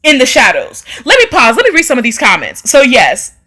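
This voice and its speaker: A woman chats casually on a live stream and reads out viewer comments. Her high voice swings up and down with lively, emphatic delivery. She often repeats phrases to drive a point home. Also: brisk. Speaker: livestream host.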